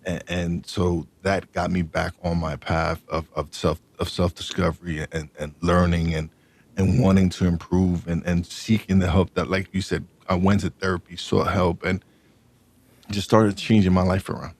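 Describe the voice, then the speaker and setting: A man hosting a podcast, talking in a halting way and repeating his words as he tells his story. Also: deep voice, flat delivery, a little mellow. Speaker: podcast host. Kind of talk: casual interview chat.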